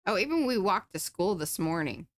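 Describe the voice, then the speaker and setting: A woman's voice: mid-range voice, big pitch swings, fairly quick, dry recording. A woman co-hosting a live art stream, joking and chatting, and reading viewer comments aloud. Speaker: co-host. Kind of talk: casual chat during a live art stream.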